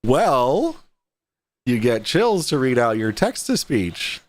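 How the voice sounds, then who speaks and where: A man's voice: mid-range voice, big pitch swings, takes it slowly. A man hosting a casual livestream talk show, joking, swearing and laughing a lot.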